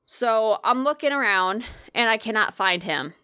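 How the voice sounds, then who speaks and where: A woman telling a story in casual chat, animated and swearing freely. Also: on the high side, unhurried, smooth, no echo, studio quality.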